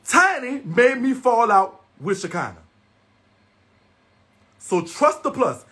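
Husky high-pitched man ranting. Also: very animated, fast talker, bright, forceful tone. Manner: heated, repetitive, confrontational. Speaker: livestreamer. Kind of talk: angry profane rant to viewers.

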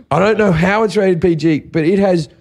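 Australian comic, man, slightly high voice, blunt and crude. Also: moderate pace, darkish tone. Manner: blunt, profane, mock-offended. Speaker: comedian podcast co-host. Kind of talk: crude comedic banter.

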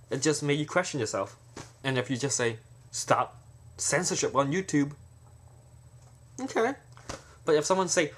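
A man doing a comedic vlog rant, jumping between soft quoted voices and loud exaggerated outbursts. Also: mid-range voice, expressive, normal speed. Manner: mock-dramatic, swings between soft and shouty voices. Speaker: vlogger.

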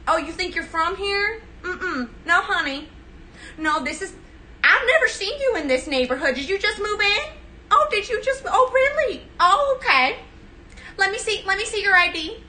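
A woman's voice: very high voice, expressive, moderate pace, sharp tone, slight background noise, pitched above the performer's own voice, exaggerated voice. A woman voicing a pushy, suspicious middle-aged woman who talks down to a stranger in her neighborhood. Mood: condescending. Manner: nosy, condescending, accusing.

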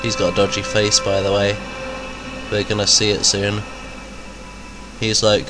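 A man's voice: fairly low pitch, monotone, normal speed, long pauses, music in the background. A man with a cold and a slightly nasal voice, chatting casually and joking through a let's-play. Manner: chatty, joking, exclaiming at the game. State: has a cold, a bit nasal. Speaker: gaming video host.

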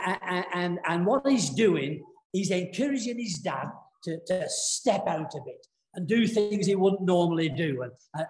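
Earnest preacher with a Northern English accent, roomy. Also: male voice, high voice, darkish tone. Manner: earnest, storytelling with many restarts. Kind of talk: sermon. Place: church.

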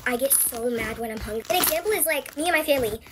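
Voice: sits high, animated, quick pace, background noise. A synthetic text-to-speech voice telling a chatty, confessional storytime.

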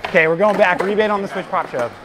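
A man competing in a skateboarding game, talking through his chances and thinking out loud with excitement. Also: high voice, quick pace, heavy background noise. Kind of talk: excited play-by-play chatter.

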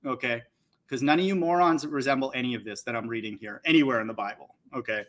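A man's voice: medium pitch, fast talker, fairly bright tone. A man hosting a Bible channel, reading scripture aloud and commenting on it in a blunt, scornful way, repeating "okay" between his points. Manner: blunt and insulting, mocks listeners.

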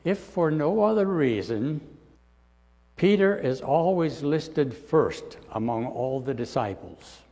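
Slow, dramatic preacher in a reverberant church. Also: male voice, expressive. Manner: dramatic, drops to soft low endings. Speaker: pastor. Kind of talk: sermon. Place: church sanctuary.

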